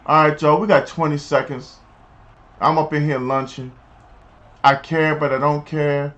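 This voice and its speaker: A man streaming a football video game, chatting casually and telling stories in an animated, slangy way. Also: a little high, measured pace, muffled recording. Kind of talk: casual live-stream chat while gaming.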